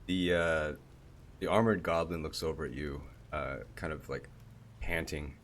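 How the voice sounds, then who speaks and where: A man narrating a tabletop game as game master, halting and searching for words. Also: extremely low pitch, fairly even intonation, fairly bright tone, a little hiss or hum. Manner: halting, many fillers and restarts.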